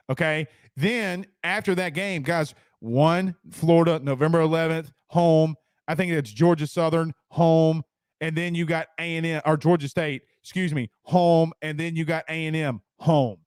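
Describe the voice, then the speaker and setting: A man's voice: a little high, a little slow, clear, resonant tone, no echo, studio quality. A man hosting a casual sports talk show, joking and rambling through viewer comments and repeating lines for emphasis.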